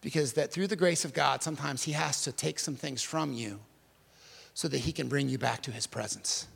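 A male pastor delivering an impassioned sermon at a church service, swinging from hushed to emphatic. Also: medium pitch, moderate pace, gravelly, slightly rough, in a large hall.

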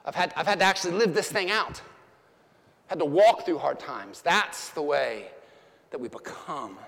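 Man, 40s, pastor, impassioned sermon, high-ish voice, long church reverb. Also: very animated, moderate pace, gravelly. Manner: impassioned, rising to near-shouts and dropping to hushed emphasis. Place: church sanctuary.

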